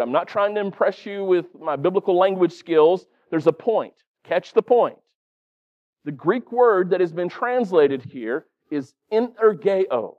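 Man, middle-aged, preacher, sermon, conversational, quizzes the congregation, high voice, muffled lo-fi sound.

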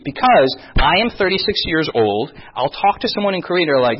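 A man's voice: fairly high pitch, expressive, fairly quick, few pauses, lo-fi sound, slight background noise. A man in his thirties, a pastor, giving a sermon-style presentation and often asking the audience questions, with self-mocking humor. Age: 30s.

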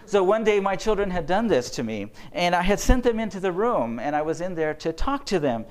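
A man's voice: high voice, very animated, a little fast. A man, a physician, giving a faith-based lecture to health workers, telling earnest stories and acting out the quotes. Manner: earnest storyteller, acts out quotes.

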